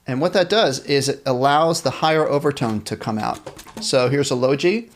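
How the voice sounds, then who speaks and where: A man's voice: mid-range voice, moderate pace, music in the background. A man teaching a live-streamed band lesson, explaining instrument technique, reading viewers' chat and counting off rhythms for them to play along. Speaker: music teacher.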